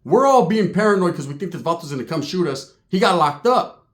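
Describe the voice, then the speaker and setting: A man tells a story in a lively, animated voice. He sits a bit high and swears freely in street slang. The room gives a roomy echo. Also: a little fast. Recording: echoey room.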